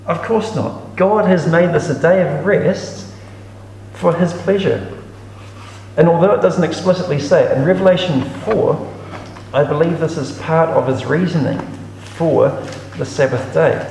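In an echoey room with long reverb and slight background noise, a man reads Bible passages aloud and then explains them in a reflective, teaching way. His voice is fairly high, creaky, and darkish in tone, and he keeps a measured pace.

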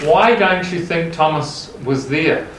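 This man, whose voice sits a little high, speaks slowly over a faint hiss or hum. He's leading a group Bible study in a conversational way, putting questions to the group, and the mic is far off in a roomy space.

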